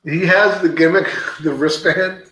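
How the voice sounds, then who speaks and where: A man rambles through casual watch-along banter, full of fillers and teasing. His voice sits a bit high, and it carries a roomy echo. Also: steady tone, a little slow, fairly bright tone. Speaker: podcast co-host.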